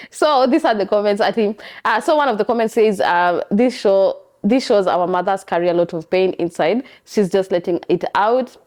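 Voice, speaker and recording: A young woman with a Kenyan accent, hosting a podcast in a chatty, expressive monologue. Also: mid-range voice. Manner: chatty, expressive, animated storytelling. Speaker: podcast host. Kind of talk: casual monologue.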